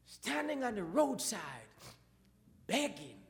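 A man's voice: extremely high pitch, big pitch swings, takes it slowly, big-room sound. A man preaching a sermon in a church with impassioned delivery and repeated questions.

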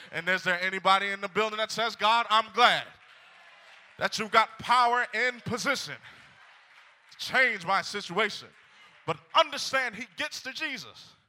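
A man's voice: very high voice, pushed and bright. A man preaching a fervent sermon to a congregation, repeating his phrases and calling out to them. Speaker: pastor. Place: church sanctuary. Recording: long reverb of a large hall.

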